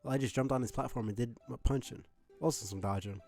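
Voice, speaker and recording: A man's voice: mid-range voice, fast talker, darkish tone, soft background music, natural voice. A man voicing a brash young brawler who talks in laid-back slang. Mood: cocky.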